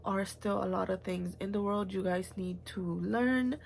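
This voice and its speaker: In a mid-range, creaky voice at a measured pace, a young woman talks through an emotional personal vlog, rambling with many fillers and restarts and at times almost tearing up. There's slight background noise.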